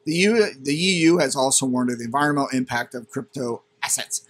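A man's voice: medium pitch, a little fast, hardly any pauses, husky. A man hosting a crypto channel, reading a news item aloud and ranting at it with sarcastic, indignant commentary.

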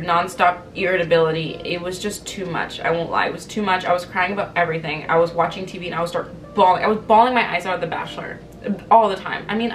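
A woman's voice: lowish voice, recorded from a distance. Chatty young woman telling a candid story. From Canada. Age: 20s. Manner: chatty, candid storytelling with lively quoted voices. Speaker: vlogger. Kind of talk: casual chat to camera.

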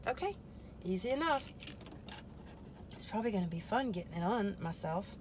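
A woman chats loosely to her viewers on a live stream from a parked car, her pitch sitting in an ordinary middle range. She wanders off into jokey tangents and drops into half-whispered muttering while she works something into place. A faint hum stays underneath. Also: expressive, moderate pace. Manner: rambling, joking asides to viewers. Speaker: host of a product testing live stream. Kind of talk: casual live-stream chat. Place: parked car in a store parking lot.

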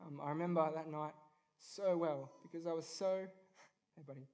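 A man's voice: on the high side, steady tone, moderate pace, darkish tone. A young man giving an earnest, informal personal faith talk at a youth event, with frequent ums. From Australia. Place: event venue.

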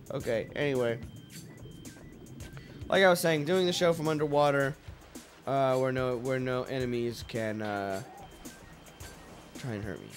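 A man's voice: mid-range voice, measured pace, pauses often, soft background music. A young man hosting a let's play, commentating with jokes, swearing and sudden yelps at the game. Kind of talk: gameplay commentary.

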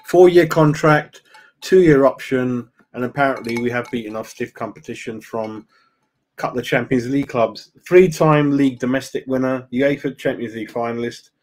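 A man's voice: mid-range voice, steady tone, a little fast. A man hosting a casual fan live stream, chatting loosely, greeting viewers by name and saying "mate" a lot. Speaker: fan channel host.

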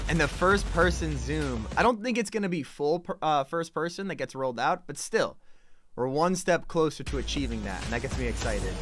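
A man doing live, excitable reaction commentary as a gaming streamer, chatting with his viewers. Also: a little high. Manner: excitable, chatty, addresses chat.

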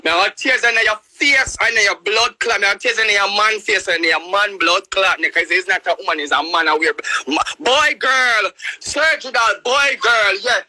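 A young man with a Jamaican accent, live-streaming a profane, loud-mouthed rant in patois. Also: high-pitched, normal speed, rough recording. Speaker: livestreamer.

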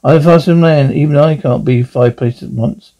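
Breezy wisecracking speedster, husky gravelly tone man doing voice. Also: on the high side, normal speed, mellow, lo-fi sound. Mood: joking. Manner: joking, breezy. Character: wisecracking fast young male hero.

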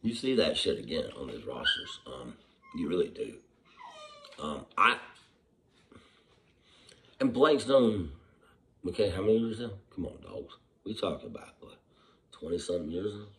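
A man's voice: low voice, sing-song, measured pace, long pauses, a bit bright. Heated, swearing man ranting about football. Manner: heated, swearing, rhetorical questions. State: hungover. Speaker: football commentator. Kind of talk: profane sports rant.

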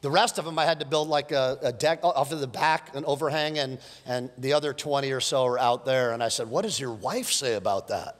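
Fervent pastor in a reverberant hall. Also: male voice, medium pitch, fairly quick, few pauses. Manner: storytelling, rising to fervent exhortation. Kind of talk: sermon. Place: large church hall.

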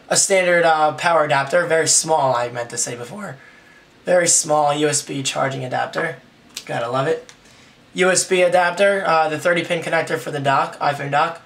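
A young man with a hoarse, raspy voice, excitedly rambling through a casual unboxing vlog. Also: mid-range voice, distant mic. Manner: excited, rambling, self-deprecating. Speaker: tech vlogger.

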